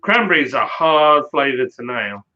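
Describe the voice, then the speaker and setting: A man co-hosting a casual live chat over beers, excitable and jokey. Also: medium pitch, normal speed. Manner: excitable, jokey, slips into silly put-on voices. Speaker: livestream co-host. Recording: slightly dull lo-fi stream audio.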